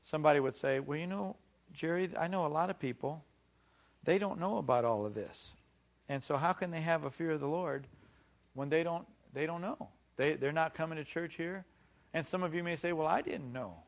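A man's voice: fairly high pitch, a little fast. A middle-aged male pastor preaching a sermon with emphatic, call-and-response delivery.

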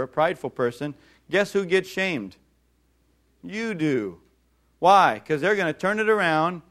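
A middle-aged male pastor preaching a sermon, telling funny family stories with animated voices and frequent chuckles. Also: high voice. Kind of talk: sermon with storytelling.

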